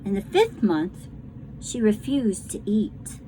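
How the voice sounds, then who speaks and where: A woman reading a children's book aloud to a class, tender and unhurried. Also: mid-range voice, very animated, mellow, a little hiss or hum, low-quality recording. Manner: slow, tender storytelling.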